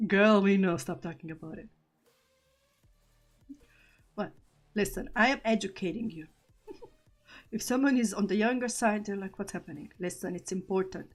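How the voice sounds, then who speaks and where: A woman streamer talks casually to her viewers, giggling and self-conscious as she goes. Her pitch sits in an ordinary middle range. Faint music plays under her voice. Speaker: streamer host. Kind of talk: casual live-stream chat and poem reading.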